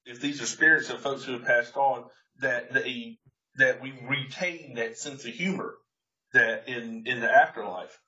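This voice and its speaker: Bright-voiced man host, a bit distant. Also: medium pitch, measured pace, muffled recording. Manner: laughs easily, hesitant restarts. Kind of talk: casual chat.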